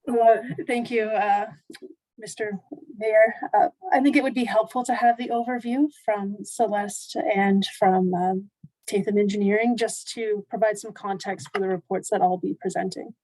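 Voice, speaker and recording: A woman's voice: mid-range voice, fairly even intonation, normal speed, dark tone, poor audio. A woman speaking as a planner to a town council, polite and explanatory. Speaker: planner presenting reports. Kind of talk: formal meeting remarks.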